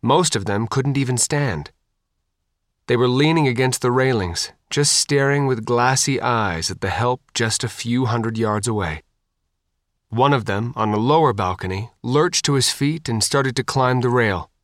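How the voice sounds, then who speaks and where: A man's voice: mid-range voice, a little slow, fairly bright tone, no echo, studio quality. A man reading an audiobook aloud, with dramatic pacing and voices for every character. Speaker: audiobook narrator. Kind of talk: scripted audiobook narration.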